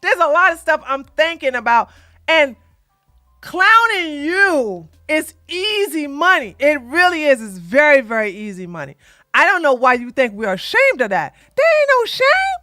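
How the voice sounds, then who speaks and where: Loud, sassy woman streamer. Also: high-pitched, moderate pace, no room sound, studio quality, faint music behind. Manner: loud, animated, sassy, often laughing and shouting. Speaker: drama commentary streamer. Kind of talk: mocking drama commentary.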